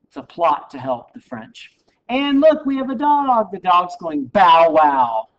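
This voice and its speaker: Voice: mid-range voice, sing-song, measured pace. Wry, casual history lecturer, muffled sound. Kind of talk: recorded classroom lecture. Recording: dull lo-fi recording.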